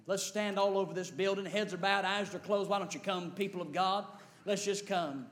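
A man preaching with fervor, his high voice dropping to near silence and then surging into shouts. He speaks as the pastor of the congregation. The sound rings around a roomy, echoing church sanctuary. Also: fairly even intonation, normal speed, hardly any pauses. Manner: impassioned preacher, swings from hushed to shouting. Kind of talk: sermon.

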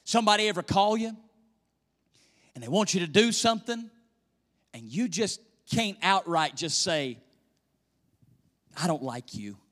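A male pastor preaching a sermon in a church, swinging between loud emphasis and hushed near-whispers. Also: sits high, animated, moderate pace, long pauses. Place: church sanctuary. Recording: echoey church hall reverb.

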